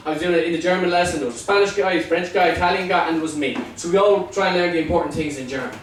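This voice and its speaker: A Dublin Irish man in his forties doing stand-up comedy, chatty and teasing as he works the audience. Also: a little high. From Ireland. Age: 40s. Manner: teasing, chatty, quick to laugh at the crowd. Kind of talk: stand-up comedy with crowd work. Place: comedy club with a live audience. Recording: echoey room, far from the mic, crowd noise.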